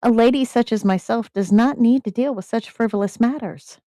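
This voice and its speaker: A woman's voice: on the high side, moderate pace, mellow, no room sound, studio quality, pitched above the performer's own voice, close to an everyday voice. A woman reading a story aloud, voicing a prim, haughty young lady who speaks in a formal, articulate way.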